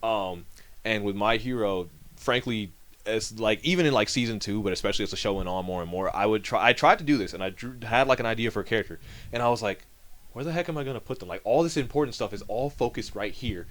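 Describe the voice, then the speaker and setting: A young man co-hosting a podcast, chatting casually and rambling with lots of fillers and animated asides. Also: lowish voice, fast. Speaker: podcast co-host. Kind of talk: casual chat.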